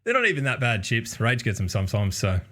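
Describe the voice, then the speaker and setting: A man's voice: mid-range voice, wildly swooping pitch, a little fast, fairly bright tone, slight background noise. An Australian man hosting a casual podcast chat, crude and teasing, often laughing. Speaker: podcast host.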